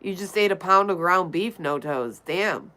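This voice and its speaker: A woman's voice: on the low side, lively intonation, measured pace, pushed and bright. A woman streamer reading her chat aloud and answering it bluntly and offhandedly, vaping between remarks. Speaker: livestreamer. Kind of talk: casual chat reading viewer comments.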